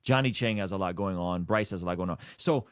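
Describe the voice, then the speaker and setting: A man's voice: deep voice, quick pace, clear, resonant tone, dry recording. A man speaking as a guest in a casual chat, earnest and reflective, choosing his words with care.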